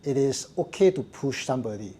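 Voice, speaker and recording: A man's voice: medium pitch, expressive, fairly quick, husky. A man, an interviewer asking short questions and murmuring along. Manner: brief questions, soft back-channel murmurs.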